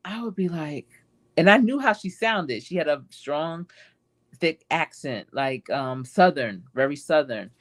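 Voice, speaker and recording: A woman hosting a casual live stream, talking in a chatty, reflective and encouraging way and acting out quoted asides. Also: extremely low pitch. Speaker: host.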